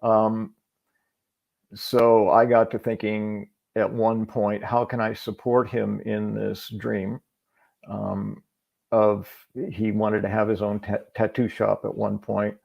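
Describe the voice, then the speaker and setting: Gravelly reflective man telling stories. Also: fairly low pitch, monotone, slow, highs cut off. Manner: reflective, storytelling, frequent restarts. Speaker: guest. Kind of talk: casual chat on a talk show.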